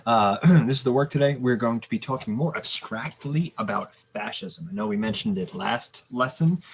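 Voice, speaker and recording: A man teaching a remote history lesson in a casual, halting way, with fillers and restarts. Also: medium pitch, slight background noise.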